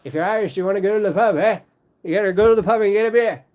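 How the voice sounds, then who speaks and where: A rowdy Irish pub-goer, put on by a man, loud and pushy. The voice sits well above the performer's own and speeds up as it goes, in an overdone fake accent. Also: high voice, very fast, pitched above the performer's own voice, natural voice.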